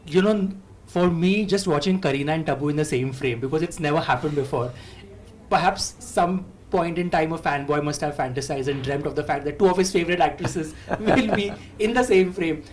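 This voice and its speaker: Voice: mid-range voice, a little fast, slight background noise. An interviewer asking questions in a casual, enthusiastic, fan-like way.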